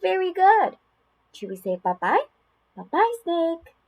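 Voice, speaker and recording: A woman showing how to read a picture book aloud to a toddler, in an expressive sing-song way with gasps, then giving tips to parents. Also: very high voice, measured pace, rough recording.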